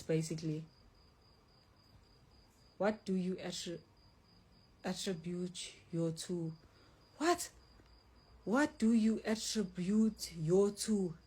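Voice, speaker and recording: Hosting a casual live chat from home, a young woman reads out viewer comments and replies bluntly, admits to being mean, and uses "like" a lot. Her mid-range voice is mellow and slightly rough.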